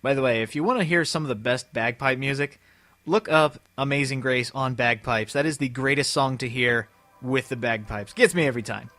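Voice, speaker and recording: A man casually commenting on a video game as he plays, animated and breaking into loud playful outbursts. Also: mid-range voice, a little fast. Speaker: let's play host. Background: game music.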